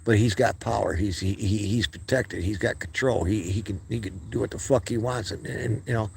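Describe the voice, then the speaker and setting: A man's voice: fairly low pitch, moderate pace, vocal fry, darkish tone, breathy edge. A man hosting his own video channel, speaking in a heated, profane monologue and often stumbling and restarting his words. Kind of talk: casual ranting monologue.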